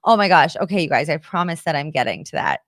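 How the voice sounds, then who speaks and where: American woman host, lowish voice, dry close sound, confessional and chatty with casual swearing. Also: sing-song, fast talker, no room sound. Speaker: podcast host. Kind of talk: candid livestream chat with viewers.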